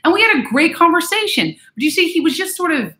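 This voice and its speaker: A woman vlogger giving casual advice to viewers in a chatty, animated way, acting out what other people say. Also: extremely high pitch, fast talker. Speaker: vlogger reading and answering viewer messages. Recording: echoey room.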